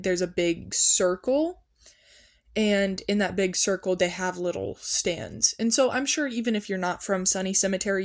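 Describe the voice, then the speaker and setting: Young woman, podcast host, rambling casual storytelling, filler-heavy, mid-pitched voice. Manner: casual, chatty, full of "like" and "um". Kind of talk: rambling deadpan fiction storytelling.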